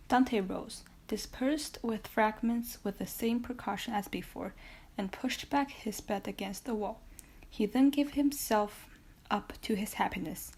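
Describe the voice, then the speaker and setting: A woman narrating a classic novel as an audiobook reader, steady with occasional self-corrections. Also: mid-range voice. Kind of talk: reading a classic novel aloud.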